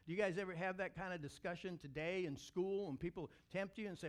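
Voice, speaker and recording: High-voiced folksy male youth preacher. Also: fast talker, few pauses. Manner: folksy, animated storytelling, chuckling. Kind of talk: sermon to teenagers.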